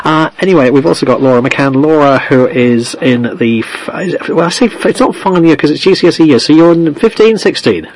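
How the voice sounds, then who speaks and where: A man's voice: a little high, animated, a little fast, hardly any pauses, poor audio. Chatty rambling male radio host. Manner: rambling, chatty, many restarts. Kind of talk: casual radio chat.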